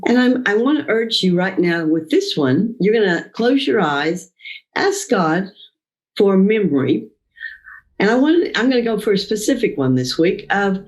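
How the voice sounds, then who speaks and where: A woman leading a guided Christian mindfulness session, talking slowly and gently through breathing exercises. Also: medium pitch, low-quality recording. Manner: slow, gentle spoken guidance of breathing. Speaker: mindfulness leader.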